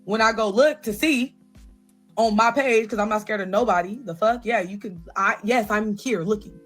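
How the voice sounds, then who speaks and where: Young woman spilling tea, cussing a lot, very animated, normal-pitched voice, faint music behind. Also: moderate pace. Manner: blunt, profane, animated storytelling. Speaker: storyteller. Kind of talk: casual storytime to camera.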